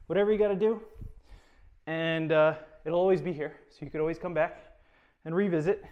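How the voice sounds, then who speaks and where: A man's voice: sits high, a little mellow, lo-fi sound. A man talking through a home workout as a fitness instructor, chatty and encouraging, a little out of breath. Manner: chatty, encouraging, self-deprecating.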